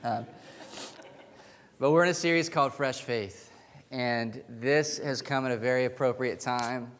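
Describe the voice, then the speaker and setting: Chatty pastor in a reverberant church. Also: male voice, mid-range voice, measured pace, fairly bright tone. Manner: chatty storytelling with frequent restarts and chuckles. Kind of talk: conversational sermon. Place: church sanctuary with pews. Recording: long hall reverb in a church.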